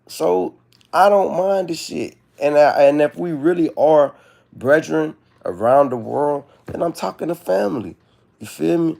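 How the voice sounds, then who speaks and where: On his phone livestream, a young male host swears freely and rambles frankly, confessing his heartbreak in candid talk. He sounds a little high and darkish, speaking a little slowly with vocal fry.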